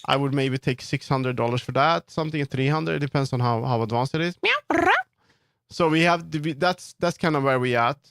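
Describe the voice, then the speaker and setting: A man's voice: mid-range voice, fairly quick, vocal fry, few pauses, fairly bright tone, no echo, studio quality. A man streaming live, answering his viewers' chat while he works on 3D models, firm and earnest when he sets limits. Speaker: livestreamer and 3D model customizer. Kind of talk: casual livestream chat, answering chat.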